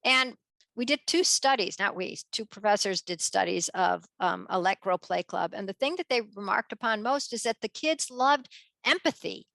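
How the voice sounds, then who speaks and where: A woman being interviewed, talking in a lively way and acting out children's voices with big jumps in pitch. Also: normal speed, gravelly, dry recording. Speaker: guest. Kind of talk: animated conversational interview.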